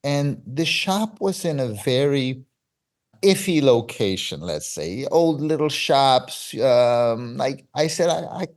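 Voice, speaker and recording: A man, telling a story as an interview guest with excited, stop-start energy. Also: mid-range voice, takes it slowly. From Cyprus. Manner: animated, excitable, with frequent restarts and laughs.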